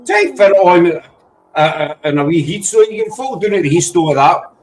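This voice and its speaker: This Scottish man hosts a loose, rambling live chat and teases his guests as he goes. His voice sits a little high for a man. There is a faint hum of noise behind him. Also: big pitch swings, brisk, rough recording. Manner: teasing, rambling banter. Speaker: host. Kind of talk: casual live-stream chat.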